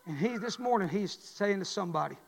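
A man preaching as pastor in a church, repeating lines and building to loud, shouted climaxes. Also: high-pitched, expressive, fairly quick, vocal fry. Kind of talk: sermon. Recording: long reverb of a church hall.

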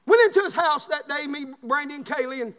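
A man's voice: very high voice, lively intonation, brisk, a bit bright. A man preaching a fervent Baptist revival sermon in a church. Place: church sanctuary. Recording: long church-hall reverb.

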